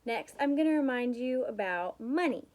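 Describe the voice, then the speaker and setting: A woman's voice: fairly high pitch, animated, moderate pace, a little mellow. A young woman teaching young children a remote math lesson, patient and encouraging, leading them through counting and chanted rhymes.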